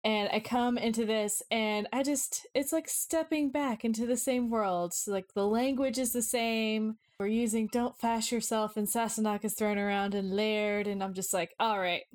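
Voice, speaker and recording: A woman's voice: on the high side, fairly even intonation, a little mellow. Chatty woman co-hosting a podcast. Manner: chatty, quick asides with "like". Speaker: podcast co-host. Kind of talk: casual chat.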